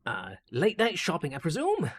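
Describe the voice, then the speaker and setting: A man voicing a male gnome shopkeeper with a high-pitched, chirpy voice. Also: wildly swooping pitch, normal speed, slightly rough, heavily acted. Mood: eager.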